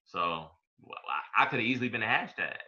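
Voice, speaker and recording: A young man co-hosting a podcast, telling a story in casual chat with laid-back slang, going quiet at its serious parts. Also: lowish voice, expressive, fast, highs cut off. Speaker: podcast co-host.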